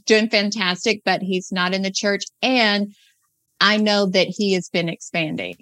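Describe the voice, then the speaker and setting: A woman in her fifties chats as a podcast guest, laughing often and circling back on her words. Her voice sits at an everyday middle pitch. The sound is dry and close. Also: measured pace, no room sound. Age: 50s. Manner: chatty, warm-hearted, laughs often, trailing restarts. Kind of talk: casual conversational storytelling.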